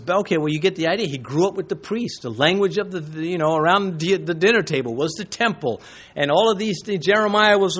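A man's voice: fairly high pitch, fairly bright tone, breathy edge. A man teaching a Bible lesson in a conversational sermon style, with folksy asides and frequent restarts.

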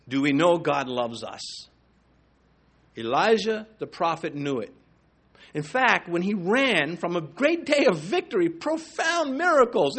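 High-voiced preaching man. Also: slightly rough. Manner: emphatic, swings between loud and hushed. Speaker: pastor. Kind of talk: sermon.

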